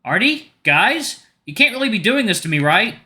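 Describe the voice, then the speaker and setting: A man's voice: very animated, moderate pace, pushed and bright, full character voice. A man voicing a frantic, terrified young coyote. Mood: frightened. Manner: high, strained and frantic. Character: frightened young male coyote, panicking.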